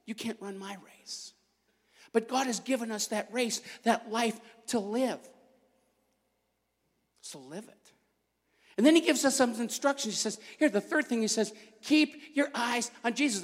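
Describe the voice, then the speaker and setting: A man's voice: very high-pitched, normal speed, long pauses. A man giving a sermon in a church, joking at his own expense in a conversational manner. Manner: jokey, self-deprecating, conversational. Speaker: guest preacher. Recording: echoey hall.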